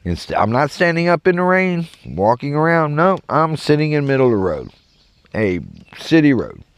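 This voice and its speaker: A middle-aged man with a Southern drawl tells a rambling, lively story. His voice swings widely up and down as he acts out the people in it. The sound is close and dry, with no room echo. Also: on the high side, normal speed, clean tone. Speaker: podcast host telling a story. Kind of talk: casual storytelling.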